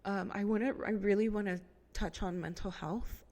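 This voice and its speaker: A woman's voice: medium pitch, steady tone, moderate pace, darkish tone, big-room sound. A woman in her thirties hosting a podcast, talking casually and openly about her family, with many fillers and moments where she tears up. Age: 30s. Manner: emotional, tearful at times, many fillers. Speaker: podcast host. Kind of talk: personal casual monologue.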